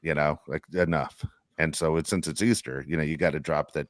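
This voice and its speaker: A man's voice: a bass voice, a little fast, no room sound, studio quality. A man co-hosting a podcast, ranting heatedly in casual talk and swearing often. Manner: heated, profane, repeats "dude". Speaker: podcast co-host.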